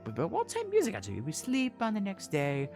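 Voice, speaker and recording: A man's voice: high voice, huge pitch swings, brisk, darkish tone, soft background music. A man casually telling a travel story on a livestream, laughing often and breaking off to answer chat.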